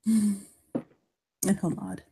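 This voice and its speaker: A woman's voice: medium pitch, steady tone, very slow, creaky, dark tone, husky. A woman narrating and playing characters in an improvised tabletop role-playing game, laughing often and swearing casually. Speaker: player.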